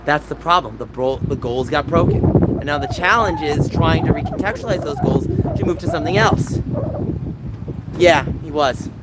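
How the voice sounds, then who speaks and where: A man hosting an outdoor livestream talks at a normal speed, his voice on the high side. He rambles between anecdotes and replies to chat, and the city street around him makes the recording noisy.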